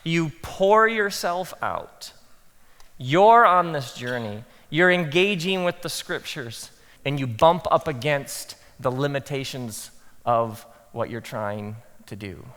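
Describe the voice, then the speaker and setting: A man speaking to a room of pastors, telling funny stories from his own work and acting out his inner thoughts in a hushed voice. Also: a little high, takes it slowly. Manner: animated storytelling, acts out quoted inner thoughts in hushed tones. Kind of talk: conference talk with humorous stories. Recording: long hall reverb.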